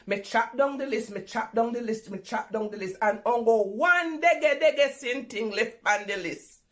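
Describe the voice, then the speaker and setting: A woman's voice: fairly high pitch, normal speed. Theatrical Jamaican woman, comic monologue. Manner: theatrical, exclaiming, talks to God and phone. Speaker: comedy performer.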